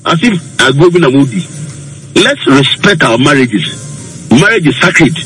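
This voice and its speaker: A man's voice: on the high side, sing-song, moderate pace, a bit bright, slight background noise, poor audio. A man, a counselor on a radio talk show, giving earnest, preachy advice and mixing English with Twi.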